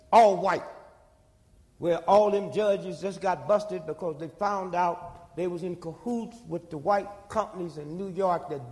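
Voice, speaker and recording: With a high voice and darkish tone, an older man addresses a community gathering in the manner of a preacher. His talk is packed with rhetorical questions and call-and-response, recorded with a long hall reverb.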